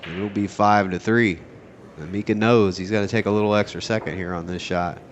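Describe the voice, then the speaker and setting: Low-voiced rambling male pool commentator. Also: fairly quick, dull audio, slight background noise. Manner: rambling, joking, excitable asides. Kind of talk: casual play-by-play commentary. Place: at a pool tournament venue.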